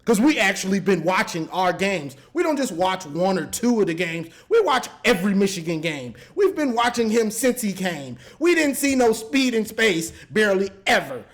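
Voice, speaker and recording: A high-pitched man rants about his team, exasperated and animated. He circles back on the same points again and again. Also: normal speed, few pauses. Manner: exasperated, repetitive, animated with laughs. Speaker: sports commentator. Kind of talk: ranting fan commentary.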